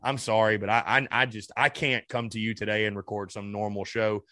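A man hosting a sports podcast, furious and ranting, swearing and stammering as he vents, swinging between loud outbursts and low mutters. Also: little pitch movement, brisk, no room sound, clean studio sound. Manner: heated and ranting, swearing, with many stammered restarts. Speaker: podcast host. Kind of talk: sports fan rant.

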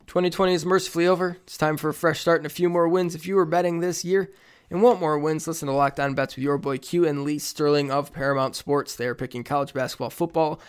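A man hosting a sports podcast, reading sponsor ads in an energetic, playful way. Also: fairly high pitch, clean tone. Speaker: podcast host. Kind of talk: upbeat ad read and show segues.

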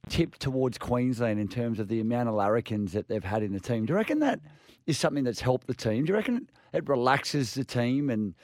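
A man with an Australian accent co-hosting sports radio, asking long halting questions full of restarts. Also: medium pitch, lively intonation, darkish tone, no room sound, clean studio sound. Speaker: radio co-host. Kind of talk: casual radio chat. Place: radio studio.

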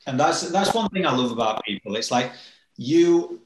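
A man hosts a relaxed interview, his voice at an ordinary pitch. He laughs easily and keeps calling his guest mate. His mic picks up a roomy echo. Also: normal speed, noisy background. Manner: warm, laughs often, calls guest "mate". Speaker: podcast host. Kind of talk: casual interview chat.

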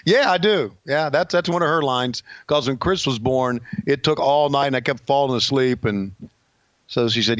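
A podcast co-host chats casually at normal speed in a medium-pitched voice, telling stories with laid-back, dry humor. The recording is dry, dull, and lo-fi.

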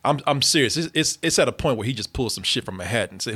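A man's voice: medium pitch, lively intonation, quick pace, hardly any pauses, pushed and bright, slightly rough. A man co-hosting a podcast, ranting in an exasperated, profane, repetitive comedic way. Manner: exasperated, repetitive, swears freely. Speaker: podcast co-host reviewing a movie.

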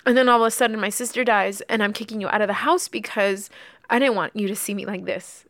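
A woman's voice: mid-range voice, fast, fairly bright tone, dry recording, studio quality. A woman co-hosting a podcast, telling her own story in a candid, openly emotional way. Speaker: podcast co-host. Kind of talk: candid personal conversation.

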